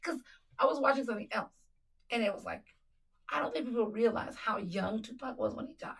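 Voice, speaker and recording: A woman co-hosting a podcast in casual, animated chat, teasing and laughing often. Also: on the high side, fairly quick, gravelly, breathy edge, recorded from a distance, rough recording. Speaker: podcast co-host.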